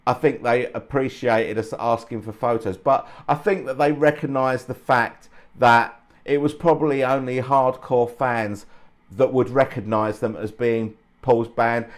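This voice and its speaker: A man, the host of the channel, telling an anecdote in a chatty, chuckling, self-deprecating way. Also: mid-range voice. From England. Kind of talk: casual anecdotal storytelling.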